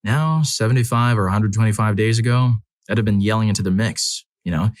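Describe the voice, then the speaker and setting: Low-voiced man narrating stories. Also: fairly quick, dry recording, clean studio sound. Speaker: story channel narrator. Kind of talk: scripted first-person narration.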